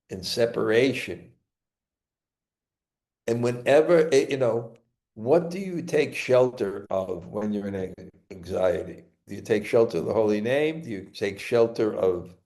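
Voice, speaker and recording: Brooklyn guy teaching a scripture class, slow and halting, keeps restarting. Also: mid-range voice, darkish tone. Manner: halting, repeats words and restarts often. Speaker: spiritual teacher.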